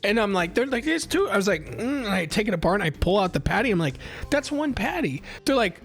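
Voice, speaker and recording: A young man streaming live, telling an animated, profane story and reading chat. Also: high voice, fast, faint music behind. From United States. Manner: animated and profane, acts out heated exchanges.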